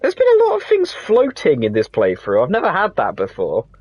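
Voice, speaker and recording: A man's voice: a little high, huge pitch swings, brisk, darkish tone, slightly rough, muffled recording. A man co-hosting a gaming stream, chatting casually and explaining the game's mechanics as he plays. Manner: rambling, explains game mechanics. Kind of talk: casual chat while playing a game.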